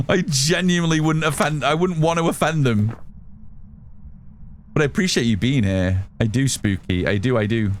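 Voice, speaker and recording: A man's voice: medium pitch, normal speed, slight background noise. A British man chatting casually with viewers while playing a game on a live stream. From United Kingdom. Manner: chatty, reads out and answers chat while playing. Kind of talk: casual live gameplay commentary.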